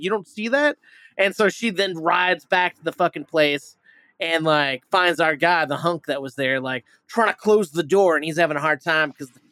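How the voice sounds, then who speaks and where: A man with a fairly high voice hosts a movie review podcast and rambles through a plot summary with plenty of fillers and swearing. His voice is recorded close and dry. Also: sharp tone, no room sound. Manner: rambling, profane, many fillers and restarts. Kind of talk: casual movie review chat.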